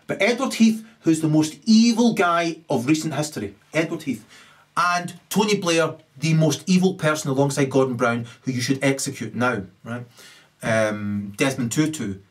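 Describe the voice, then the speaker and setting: Rambling man ranting to camera. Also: medium pitch. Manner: keeps tagging "right?" onto his sentences. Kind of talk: rambling solo rant to camera. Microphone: camera mic.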